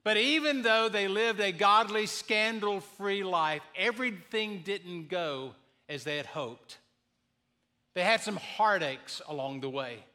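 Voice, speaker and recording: Slow, bright-voiced man in his sixties preaching. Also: high-pitched. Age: 60s. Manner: earnest, slow and deliberate, with fillers and restarts. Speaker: pastor. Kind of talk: sermon.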